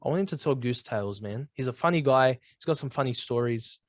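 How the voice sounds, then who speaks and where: A podcast host chats easily with his mates, calling them "bro" and "mate" and running through plugs to close the show. The sound is dry and close, with no room around his voice, and his pitch sits in an ordinary middle range. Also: animated, fast, no room sound. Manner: easygoing, matey, promo-style sign-offs. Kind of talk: casual podcast chat. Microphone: video call.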